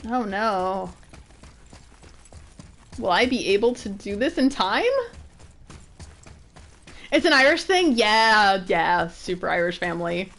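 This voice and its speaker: A woman's voice: medium pitch, animated, slow, creaky, pauses often, a bit bright, slight background noise. A young woman chatting casually while playing a video game, laughing and thinking aloud when puzzled. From northern United States. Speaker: streamer. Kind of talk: casual gameplay commentary.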